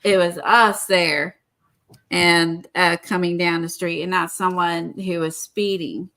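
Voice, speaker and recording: Bright-voiced chatty woman. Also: on the low side, steady tone, slow. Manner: chatty storytelling with many fillers. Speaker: art vlogger. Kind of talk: casual chat.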